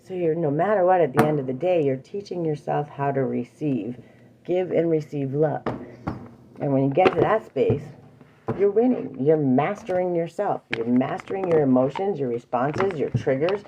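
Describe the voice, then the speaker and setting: A woman's voice: low voice, normal speed, noisy background. A woman teaching a spiritual emotional-awareness lesson in a casual, earthy way. She repeats phrases and swears lightly. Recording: dull lo-fi sound.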